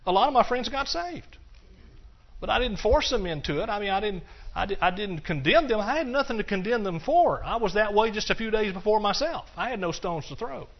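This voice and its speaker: Older guy preaching his testimony, kinda high voice, dull lo-fi sound, goes quiet then fired up. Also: expressive, a little fast. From Texas. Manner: earnest, repetitive, with quiet hushed stretches and rising passionate bursts. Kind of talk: testimony sermon. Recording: dull lo-fi recording.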